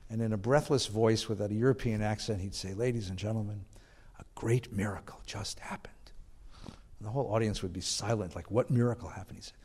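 Animated male lecturer in an echoing hall. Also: mid-range voice. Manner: lively, animated, with frequent restarts. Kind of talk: lecture to a class. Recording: reverberant hall.

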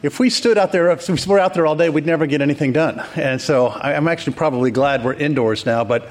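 A man's voice: fairly high pitch, fast. A man giving a welcome speech at a conference as mayor, upbeat with joking asides and frequent restarts.

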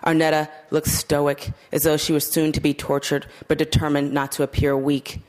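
A woman narrating a literary short story in a measured, steady audiobook reading. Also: low voice.

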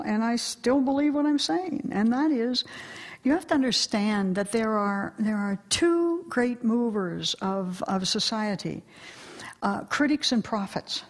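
A woman, a religious sister, answering audience questions at a talk in a forthright, emphatic way. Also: on the high side.

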